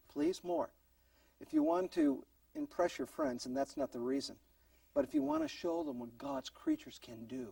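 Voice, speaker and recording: A man gives a parenting lesson in a very gravelly, husky voice and an earnest tone, acting out little exchanges between parent and child. His pitch moves a lot. The sound is dry and comes from some distance from the mic. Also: darkish tone, no echo. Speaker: parenting teacher. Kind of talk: recorded parenting class lecture.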